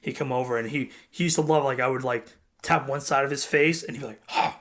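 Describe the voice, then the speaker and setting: A young man co-hosting a podcast in casual chat, telling animated stories and breaking into sudden shouted impressions. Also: mid-range voice, fast. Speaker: podcast co-host.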